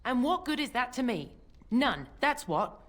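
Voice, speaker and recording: A woman's voice: on the high side, big pitch swings, a little slow, fairly bright tone. An actress playing a bitter, hard-up mother of five in a video game, cold and contemptuous. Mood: scornful.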